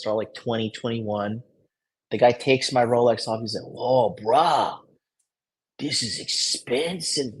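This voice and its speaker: A medium-pitched, slightly mellow male voice comes through a rough recording from a private hospital room. The speaker, a dating coach vlogger, spins a casual, profane, boastful story packed with swearing.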